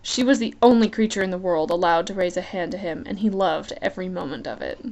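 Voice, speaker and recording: A woman's voice: on the low side, quick pace, a little mellow. A woman reading a romance novel aloud in a casual fan audiobook, with chatty, joking asides between passages. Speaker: reader.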